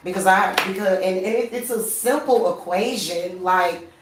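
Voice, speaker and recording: A woman's voice: mid-range voice, moderate pace, echoey room, background noise. Blunt, profane woman ranting at home. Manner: blunt, profane, laughing, talks straight to viewers. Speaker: spiritual practitioner vlogger. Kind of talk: casual ranting vlog.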